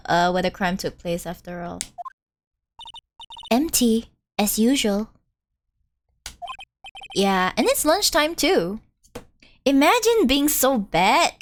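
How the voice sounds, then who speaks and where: A woman's voice: medium pitch, a little hiss or hum. A woman streamer giving playful gaming commentary, laughing often as she reads the game aloud.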